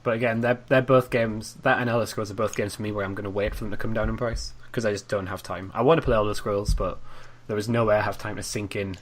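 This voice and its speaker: Homme britannique au débit rapide. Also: male voice, lowish voice, flat delivery. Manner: chatty, runs through news items. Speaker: podcast co-host. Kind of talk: casual chat.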